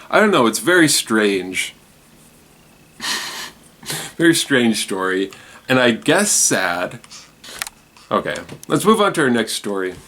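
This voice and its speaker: A man's voice: mid-range voice, a bit bright. Rambling man hosting a news show. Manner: hesitant, many fillers and restarts. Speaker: host. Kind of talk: casual solo news commentary.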